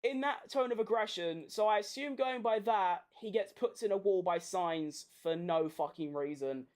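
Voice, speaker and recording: A woman's voice: medium pitch, moderate pace. Sweary woman calling a race. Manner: sweary, excitable, emotional. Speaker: streamer hosting a race watchalong. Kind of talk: live race commentary.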